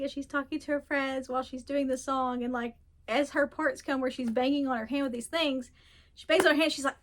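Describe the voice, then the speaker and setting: A woman's voice: sits high, fairly even intonation, brisk, fairly bright tone. A woman in her thirties chatting casually in a book vlog, telling stories and laughing often. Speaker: book vlogger. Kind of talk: casual chat.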